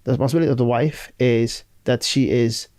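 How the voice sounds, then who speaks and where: A man's voice: medium pitch, steady tone, fairly quick, a little mellow, no echo. A man who is an Islamic scholar, explaining duties in a podcast with Arabic terms. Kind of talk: religious podcast discussion.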